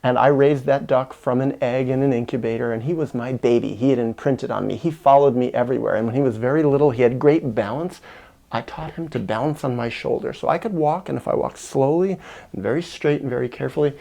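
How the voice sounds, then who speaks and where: A middle-aged man recounts a memory from his own life in a gravelly, creaky voice. He tells it with drama, leaning into the loud moments and dropping low for the quiet ones. His pitch sits in the ordinary middle. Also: fast talker. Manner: animated, dramatic retelling with sudden loud and soft swings. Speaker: channel host. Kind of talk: personal storytelling monologue.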